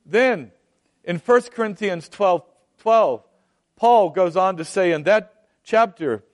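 A man preaching a sermon, emphatic and deliberate, often repeating phrases for weight. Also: high voice.

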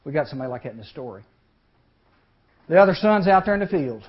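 A man preaching to a teen group, telling a Bible story and acting out its voices with lively energy. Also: a little high, fast talker. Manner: animated, acts out voices in the story. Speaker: youth speaker. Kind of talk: storytelling sermon. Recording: lo-fi recording.

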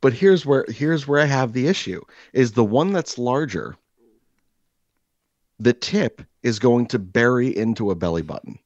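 A man hosting a podcast, telling a crude comic story in an animated, rambling way with many fillers, seated across from his co-host. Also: mid-range voice, measured pace, no echo, dull audio. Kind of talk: casual comedic storytelling.

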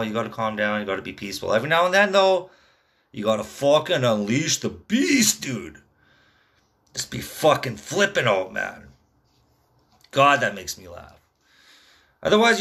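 A man's voice: mid-range voice, a bit bright. A young man hosting a podcast, telling rambling, profane stories in a casual monologue, full of "dude" and "man". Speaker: podcast host; construction worker.

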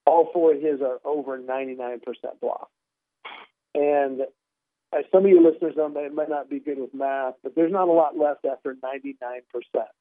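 A man, a comedian guest, telling a story in an animated, wry way and acting out the dialogue. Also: medium pitch, normal speed, dry recording. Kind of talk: conversational storytelling. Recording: tinny phone line.

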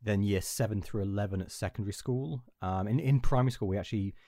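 A man's voice: on the low side, fast, dark tone, dry recording, studio quality. A man from England co-hosting a podcast, rambling and restarting as he tells a story. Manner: rambling, self-interrupting storyteller. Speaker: podcast co-host. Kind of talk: casual chat.

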